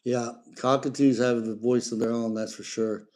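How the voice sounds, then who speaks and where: A man's voice: medium pitch, level tone, moderate pace, darkish tone. A middle-aged man, chatting casually on a live stream about his pet parrot and breaking off to talk to the bird.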